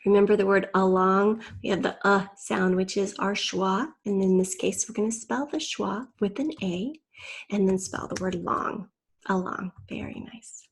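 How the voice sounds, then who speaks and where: Patient woman teacher with a gravelly voice. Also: mid-range voice, steady tone, moderate pace. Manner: patient, clear sounding-out of letters. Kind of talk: online spelling lesson for children.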